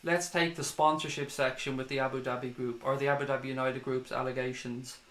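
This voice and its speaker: A man's voice: mid-range voice, level tone, a little fast, a bit bright, reverberant. A man with an Irish accent hosting a fan livestream, ranting and swearing as he reads out viewer comments. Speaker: fan channel livestream host.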